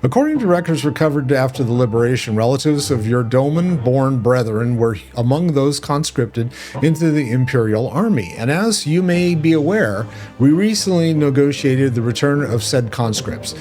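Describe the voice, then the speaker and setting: A man voicing a formal, earnest young male lord in a video game, speaking in measured, polite tones. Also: mid-range voice, animated, a little mellow, faint music behind, lightly acted.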